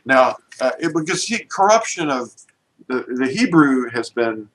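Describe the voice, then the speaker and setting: A man's voice: medium pitch, big pitch swings, a little slow, a bit bright, slight background noise, low-quality recording. A man teaching an informal lesson, pointing at letters and explaining with emphatic, restarting speech.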